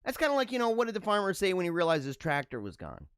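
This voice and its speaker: A man's voice: high-pitched, wildly swooping pitch, racing, fairly bright tone, clear, resonant tone, no echo, clean studio sound. A man hosting his own talk show, reading jokes aloud and reacting with sarcastic, joking commentary and frequent laughter. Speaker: podcast host.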